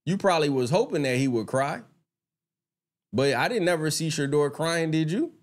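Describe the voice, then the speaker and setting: Speaking at normal speed with a voice on the high side, a streamer gives casual commentary straight to his audience. Profanity comes easily, and his rants turn heated and indignant.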